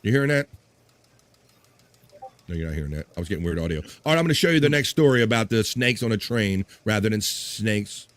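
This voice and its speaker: A man's voice: lowish voice, animated, brisk, dry recording. A man hosting a casual live stream, chatting, laughing often and reading viewers' comments aloud.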